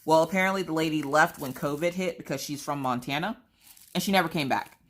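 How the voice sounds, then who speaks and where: A woman's voice: low-pitched, quick pace, a bit bright. A woman vlogger chatting casually as she tells a story, acting out the other people's lines as she goes. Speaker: crafting vlogger.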